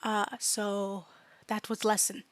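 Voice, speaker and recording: A woman voicing a small, timid fairy student who speaks in broken, halting grammar and often drops to a whisper. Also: mid-range voice, monotone, dry recording, natural voice. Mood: earnest. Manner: broken grammar, dropped articles, hesitant. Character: tiny timid fairy student, earnest, new to language. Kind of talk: tabletop role-play.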